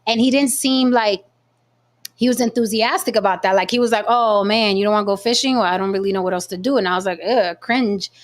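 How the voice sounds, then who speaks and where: A woman hosting a casual chat show, telling a story in a blunt, profane, animated way. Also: mid-range voice, fairly quick. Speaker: podcast host.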